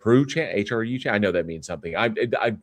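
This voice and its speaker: A man with a deep, low voice hosts a livestream and chats casually with his viewers. He rambles, trips over his words and restarts sentences, and drops in plenty of fillers. The recording is dry, with no room sound around him. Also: expressive, fast talker, no echo. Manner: rambling, reads chat aloud, many fillers and restarts. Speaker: livestream host.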